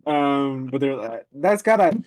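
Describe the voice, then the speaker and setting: A young man co-hosting a casual podcast, telling stories with an animated, lively pitch and laughing often. His voice sits at a middle pitch and sounds dry and close, with no room around it. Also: unhurried, dry recording. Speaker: podcast co-host. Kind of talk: casual chat.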